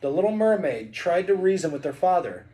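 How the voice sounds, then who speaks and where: A man's voice: high-pitched, sing-song, fairly quick, dark tone. A man reading a picture book aloud to his child, playful and chatty between passages. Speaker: father reading a bedtime story.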